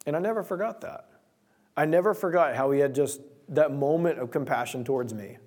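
A man's voice: on the high side, fairly quick, darkish tone. A young man preaching a sermon, earnest, reading scripture and telling a personal story.

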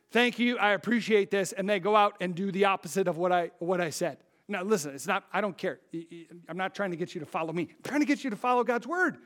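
A pastor in his thirties delivers a sermon in a notably high voice. His delivery is animated and conversational, and he often slips into quick impressions of the people in his anecdotes.

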